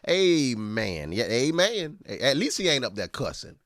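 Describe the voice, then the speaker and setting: A man, a pastor, giving casual commentary as he reacts to clips, animated and often exclaiming. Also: medium pitch, measured pace, hardly any pauses, no room sound, studio quality.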